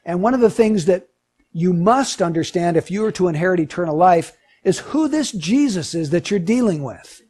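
A male preacher with a husky, fairly high voice that swings widely in pitch. He delivers his sermon with animation, building to emphatic peaks before falling back low and quiet. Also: expressive, moderate pace. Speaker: pastor.

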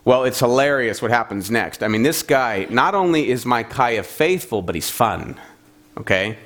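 A man's voice: medium pitch, expressive, normal speed, a bit bright. A man preaching a sermon in a conversational, humorous storytelling way.

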